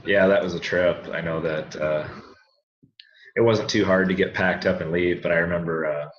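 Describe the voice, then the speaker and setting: A man's voice: low-pitched, fairly even intonation, moderate pace. A man co-hosting a podcast, chatting casually in a laid-back way. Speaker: podcast co-host. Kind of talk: casual chat. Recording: roomy, dull mic with faint noise.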